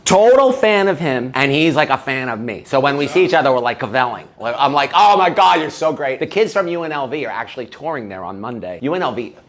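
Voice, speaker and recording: A man's voice: medium pitch, sing-song, quick pace, few pauses, a bit bright. An older man hosting, chatting at a party in a brash, rambling, self-mocking way. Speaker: host and entertainer. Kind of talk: casual chat at a party.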